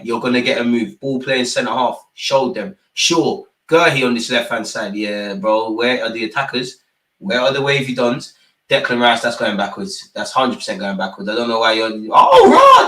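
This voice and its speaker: A man hosting a live football watchalong, reacting loudly to the screen with heavy slang and swearing. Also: mid-range voice, moderate pace. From England. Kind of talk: live match watchalong commentary.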